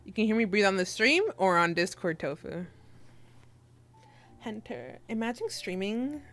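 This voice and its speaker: A woman's voice: medium pitch, animated, unhurried, a bit bright, faint music behind. Young woman streaming and joking around with chat, playful and teasing, laughs a lot. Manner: playful, teasing, giggly, reads chat aloud. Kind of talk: casual livestream chat.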